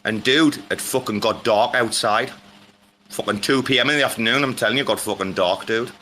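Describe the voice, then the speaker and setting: A man's voice: medium pitch, brisk, pushed and bright, a little hiss or hum. A young man hosting a casual chat, rambling through stories and swearing freely. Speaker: host.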